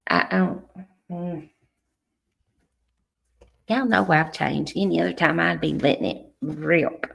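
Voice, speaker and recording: Deep, creaky, husky and a bit bright, the voice belongs to a middle-aged woman hosting a relaxed livestream chat. She's blunt with her viewers, cusses often, and frequently breaks off to restart what she's saying.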